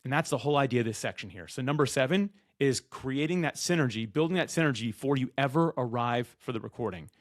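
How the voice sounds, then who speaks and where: A man speaks straight to camera about how to be a good podcast guest. He talks loud and rapid-fire, slipping into quick impressions of guests and hosts. The sound is close and dry, with no room around it. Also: medium pitch, expressive, no room sound. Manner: loud and fast, acts out quoted guests and hosts. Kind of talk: energetic direct-to-camera advice talk.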